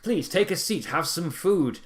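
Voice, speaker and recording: A man's voice: on the high side, lively intonation, unhurried, fairly bright tone, voice pushed up. A man voicing a suave male vampire lord who is theatrical and overly gracious, in an echoey room. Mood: gushing.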